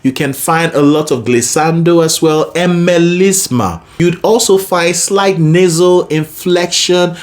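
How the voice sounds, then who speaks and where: A woman's voice: lowish voice, measured pace, few pauses, a little mellow. Brief: woman vocal coach, conversational teaching, breaks into sung examples. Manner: explains then demonstrates by singing. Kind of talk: singing lesson with sung demonstrations.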